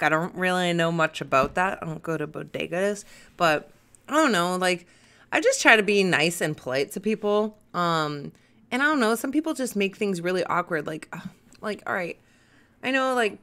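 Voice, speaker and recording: Brief: young woman, podcast host, bright forceful voice, loose rambling chat. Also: mid-range voice. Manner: chatty, rambling, quick to laugh. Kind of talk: casual chat.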